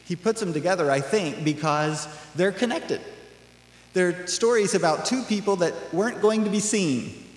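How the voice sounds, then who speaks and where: A male pastor preaching a sermon in a relaxed, conversational way, full of asides. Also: high voice, normal speed. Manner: conversational, animated, acts out quoted voices with laughs. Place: church sanctuary. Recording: echoey church hall.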